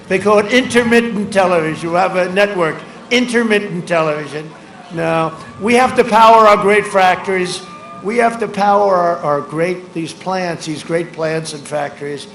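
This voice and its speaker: An older man giving a rambling, boastful and mocking campaign speech to a rally crowd, often shouting his points. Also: fairly high pitch. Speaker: politician addressing a rally. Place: large outdoor rally. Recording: echoing PA sound over a loud crowd. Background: crowd ambience.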